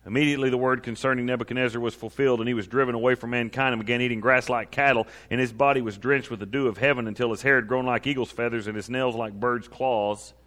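Bright-voiced male pastor preaching. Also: medium pitch. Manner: reads scripture aloud with rising and falling emphasis. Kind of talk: sermon.

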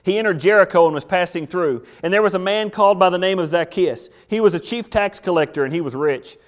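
Here a high-pitched man preaches as a pastor, asking rhetorical questions, repeating phrases, and reading scripture with slow deliberation.

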